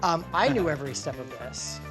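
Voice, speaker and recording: Woman host, eager fan energy, low voice with lively pitch, music bed behind. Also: a little fast. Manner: enthusiastic, sets the scene, fan-like. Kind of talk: casual interview.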